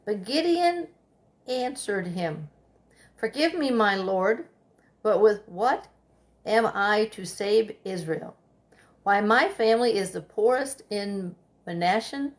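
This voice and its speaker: A woman reading Bible passages aloud during a study, in a measured, careful way. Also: medium pitch, animated. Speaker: scripture reader.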